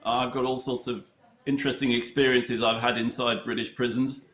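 A man being interviewed about his chess charity, telling anecdotes in a halting way with many fillers and a dry humour. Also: mid-range voice, little pitch movement, fairly bright tone. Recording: roomy echo.

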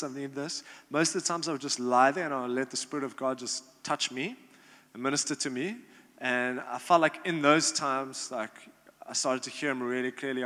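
With a bright, forceful, mid-range voice, a young man answers questions informally in a youth group setting, often restarting and using fillers. A long hall reverb colors the recording.

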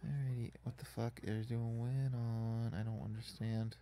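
A man's voice: mid-range voice, level tone, measured pace, dark tone. A man casually commenting on a wrestling video game as he plays, rambling and swearing in frustration at it. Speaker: gaming YouTuber.

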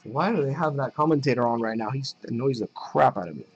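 A young man chatting casually while opening trading card packs on a live break, excited at the hits and muttering asides. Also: medium pitch, fast, dull audio.

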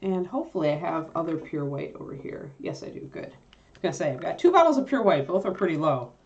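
A woman with a low voice talks through a painting lesson as she works. She chats easily, often pausing on fillers to think while she mixes colors at her painting desk. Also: big pitch swings, dull audio. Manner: chatty, thinks aloud with fillers while working. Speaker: miniature painting instructor. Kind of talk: casual painting tutorial.

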